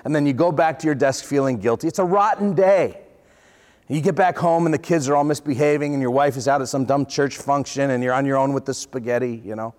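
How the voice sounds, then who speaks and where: A man with a high, bright voice preaches a sermon, moving between chatty storytelling and fervent emphasis. His voice carries a long reverb tail from a large hall. He talks straight to the congregation.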